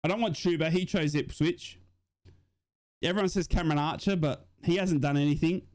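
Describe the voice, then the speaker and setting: A young man hosting a live football watch-along, giving excitable, rambling fan commentary, swearing and answering chat comments. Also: on the high side, fairly quick.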